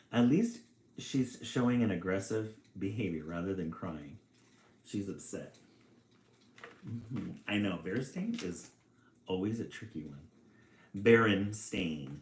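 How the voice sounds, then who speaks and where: Low-voiced man reading a storybook aloud. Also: slight background noise. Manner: relaxed, chatty asides between reading. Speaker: storybook reader. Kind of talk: reading a picture book aloud with commentary. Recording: echoey room.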